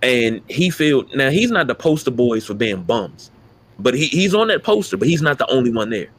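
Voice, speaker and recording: A man's voice: medium pitch, sing-song, normal speed. A man co-hosting a casual sports talk podcast, emphatic and profane as he rants about players. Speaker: podcast co-host.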